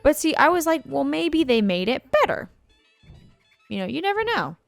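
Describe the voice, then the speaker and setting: A woman co-hosting a game let's play, telling a profane, animated anecdote in a casual chat style. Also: sits high, normal speed, gravelly, no room sound, soft background music. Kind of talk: casual storytelling while gaming.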